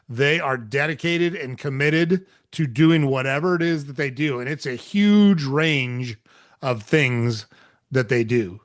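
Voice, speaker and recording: A male podcast host in casual interview chat, talking with eager enthusiasm and speaking straight to his listeners. His voice sits at an ordinary middle pitch. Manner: enthusiastic, talks directly to the audience.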